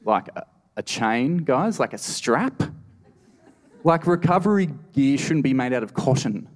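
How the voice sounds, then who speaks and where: A man's voice: mid-range voice, sing-song, measured pace, darkish tone. An Australian man telling a true story on stage at a live storytelling event, wry and conversational with lots of "you know". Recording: reverberant live hall.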